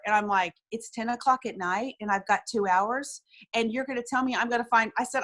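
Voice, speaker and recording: A woman telling an emotional personal story over a video call, animated and acting out what people said. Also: fairly high pitch, a little fast, poor audio. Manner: animated, acts out quoted dialogue, frequent restarts. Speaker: guest sharing a success story.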